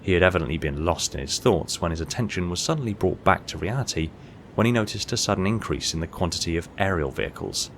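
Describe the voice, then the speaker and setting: A man narrating an audiobook short story in a steady, measured storytelling manner. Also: low-pitched, a little hiss or hum.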